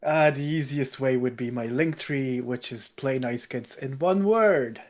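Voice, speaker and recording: A man's voice: medium pitch, unhurried, darkish tone. Easygoing male podcast co-host. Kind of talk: casual podcast chat.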